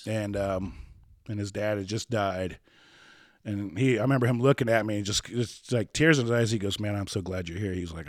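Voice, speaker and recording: A man's voice: lowish voice, a little fast, dry recording, studio quality. A man telling a personal story as a podcast guest, rambling, repeating words and acting out old conversations.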